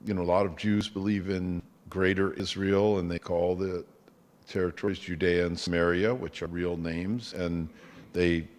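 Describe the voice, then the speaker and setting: A man answering an audience question at a live event, thinking aloud in a hesitant way with many pauses. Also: sits low, flat delivery, a little mellow, big-room sound.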